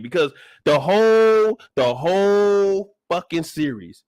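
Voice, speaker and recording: Animated high-pitched man ranting. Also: unhurried, hardly any pauses, dry recording. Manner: loud, animated, profane ranting with big pitch swings. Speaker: channel host reacting to a TV episode. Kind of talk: casual reaction commentary.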